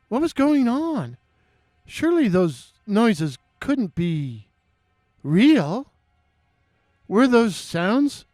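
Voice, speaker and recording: A man narrating a first-person horror story in a dramatic, halting way, with nervous restarts. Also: high voice, darkish tone, clear, resonant tone, no echo, clean studio sound.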